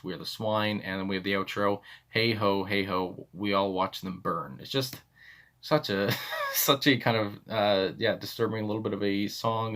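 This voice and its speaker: A man's voice: lowish voice, a bit bright. A man with a Canadian accent, hosting a music reaction video in rambling, casual commentary full of fillers and chuckles. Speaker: music reaction channel host.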